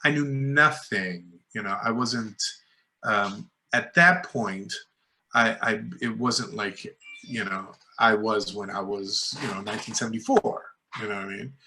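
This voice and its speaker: Bright-voiced man telling rambling stories. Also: lowish voice, a little slow, slight background noise. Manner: rambling anecdotes full of fillers and restarts; acts out other people's lines in a raised voice. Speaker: guest filmmaker. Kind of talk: casual storytelling in a podcast interview.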